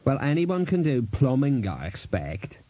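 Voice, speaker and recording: A man's voice: mid-range voice, wildly swooping pitch, measured pace, mellow, no echo. Man voicing a fussy, nervous talking raven. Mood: pedantic. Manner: chatty, pedantic trivia-spouting. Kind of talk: audiobook character voice.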